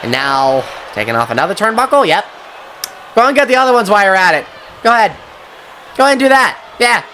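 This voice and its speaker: A man doing excitable, sweary play-by-play commentary on a wrestling match, often shouting at the action. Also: high voice, fast talker, a little hiss or hum. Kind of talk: play-by-play video game commentary.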